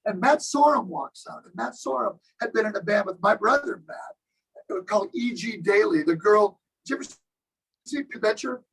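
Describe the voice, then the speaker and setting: A drummer in his sixties telling stories in a casual interview, animated and acting out the lines of people he talks about. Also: high voice, normal speed, vocal fry, breathy edge, poor audio. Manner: animated storyteller who acts out other people's lines. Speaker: guest drummer.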